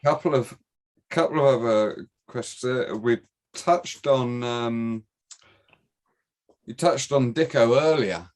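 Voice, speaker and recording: A man hosts a relaxed podcast chat and puts casual questions to his guest. He hesitates often, padding his questions with "uh" and "um", and his voice sits at an everyday middle pitch. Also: slow pace, long pauses. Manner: hesitant, fills gaps with "uh" and "um".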